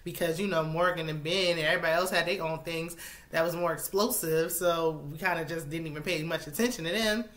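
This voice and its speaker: Chatty woman with a bright, forceful voice. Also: low-pitched, fairly even intonation, fairly quick. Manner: chatty and opinionated, laughs often. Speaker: reality TV recap host. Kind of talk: casual reality show recap.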